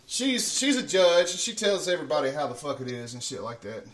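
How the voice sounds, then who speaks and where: A man's voice: a little high, sing-song, brisk, fairly bright tone, distant mic. A man hosting a morning show in casual, profane chat, laughing often at his own jokes. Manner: swears freely, laughs often at himself.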